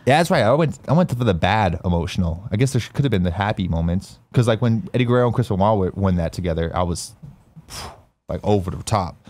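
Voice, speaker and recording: Fast-talking low-voiced man, casual. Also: expressive, darkish tone, dry recording. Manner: loose, profane, laughing. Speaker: co-host. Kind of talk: casual wrestling chat. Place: studio.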